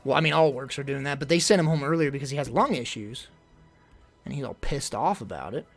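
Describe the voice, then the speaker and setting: A man's voice: medium pitch, expressive, fast, creaky, soft background music. A young man venting in casual livestream chat, rambling and exasperated, full of fillers.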